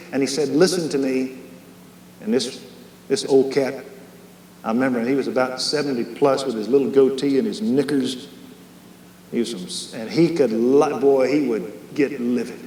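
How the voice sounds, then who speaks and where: A man teaching a Bible study as a sermon, impassioned, swinging from hushed tones to raised, emphatic lines. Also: medium pitch. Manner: leads a closing prayer. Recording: echoey hall, faint hum, 1990s.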